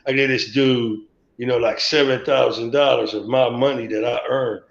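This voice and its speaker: A man with a gravelly voice tells a long, winding story on a live stream and acts out the words of everyone in it. His pitch sits in an average range. The sound is dull and lo-fi, with a roomy echo around it. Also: fairly even intonation, normal speed. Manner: rambling, acts out quoted dialogue. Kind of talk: storytelling memories. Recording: echoey, dull lo-fi stream audio.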